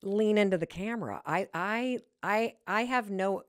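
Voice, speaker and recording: Woman podcast host, enthusiastic and quick to react in casual conversation. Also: mid-range voice. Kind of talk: casual interview chat.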